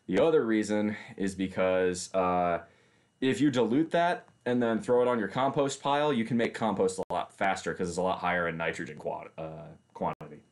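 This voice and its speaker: A man, chatting casually and joking with viewers on a livestream. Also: on the low side. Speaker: livestream fitness host.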